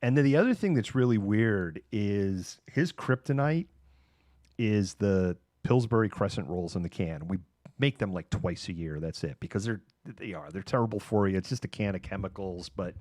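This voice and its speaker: A man's voice: lowish voice, lively intonation, moderate pace, a little mellow, dry recording, clean studio sound. A man hosting his own live show, chatting casually and rambling through a story with frequent laughter. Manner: rambling, laughs often, acts out voices in anecdotes. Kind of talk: casual livestream chat.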